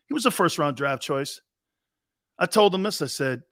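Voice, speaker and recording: A middle-aged man hosts a sports talk show in a casual, rambling way. His stories break into loud shouts and laughter. His voice sits a little high and rings bright and forceful, recorded dry and close. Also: fairly quick, no room sound. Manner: loud, excitable, storytelling with bursts of shouting and laughter.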